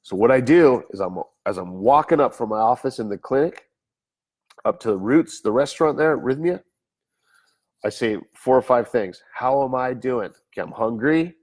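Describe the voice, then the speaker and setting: A man's voice: medium pitch, normal speed. A middle-aged man talking casually as a therapist, acting out his own inner voice and little dialogues. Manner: relaxed, conversational, acts out his inner voice and dialogue. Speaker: therapist speaking at a wellness center. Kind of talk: casual talk to camera.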